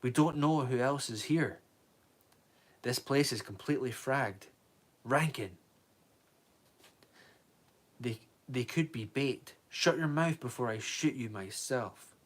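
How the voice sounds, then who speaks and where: A man's voice: medium pitch, slow pace, pauses often. A man plays an exhausted, desperate gunman whose voice comes out ragged and snarling. He barks short, curt orders in a storybook reading.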